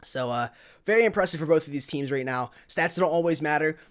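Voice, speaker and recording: A man's voice: on the high side, expressive, a little fast. A man casting an esports match in a casual, joking way with rambling asides. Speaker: esports caster.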